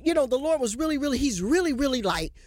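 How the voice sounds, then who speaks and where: A woman's voice: sits high, expressive, fast talker, darkish tone, no echo, studio quality. A woman preaching a fervent prophetic sermon, declaiming messages in the voice of the Lord.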